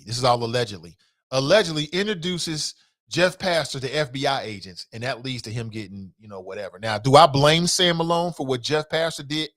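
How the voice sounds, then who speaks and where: Animated, laughing male talk show host. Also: a little high. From Cincinnati area. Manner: animated, laughing, drops into quoted voices. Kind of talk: casual talk show monologue.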